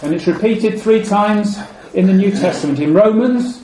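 A man preaches at a measured pace, his high voice warm and mellow. He echoes his key phrases, easing them down low and soft, against the faint ambient noise of a reverberant room.

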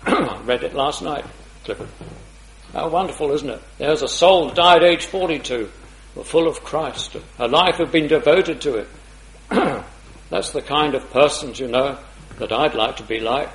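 A man preaches a gospel sermon in a fairly high voice, rising to loud declarations and dropping to hushed pleading. He clears his throat often as he goes. His voice rings around an echoey hall. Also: unhurried.

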